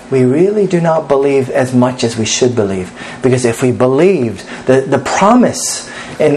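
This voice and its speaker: A man's voice: on the high side, darkish tone, a little hiss or hum, rough recording. A man preaching an earnest sermon as pastor, reading scripture aloud and pressing his points with rising emphasis.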